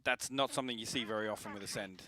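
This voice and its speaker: A man's voice: fairly low pitch, very fast, bright, forceful tone. A man giving color commentary on a live esports match, analytical with dry quips. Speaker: esports caster. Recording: broadcast mix with clear noise behind.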